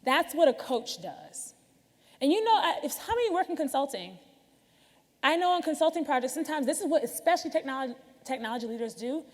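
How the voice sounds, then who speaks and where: A woman's voice: high voice, very animated, brisk. Chatty woman giving a keynote in a hall. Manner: candid, chatty, addresses the audience directly. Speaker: conference keynote speaker. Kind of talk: conversational keynote talk. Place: large conference hall. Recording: reverberant hall.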